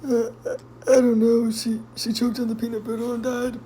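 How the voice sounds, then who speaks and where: A stammering old man , as a young woman puts him on, speaks in a dead-flat, dark, mellow tone. His words come haltingly and tearfully. A faint hiss sits under the voice. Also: on the high side, lightly acted. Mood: shaken. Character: shaken old man recalling a death.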